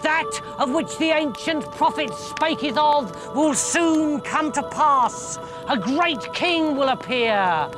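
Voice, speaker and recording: A man voicing a pompous old shepherd who speaks in a slow, grand, prophetic way, over music. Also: very high-pitched, lively intonation, voice pushed up, full character voice. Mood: solemn.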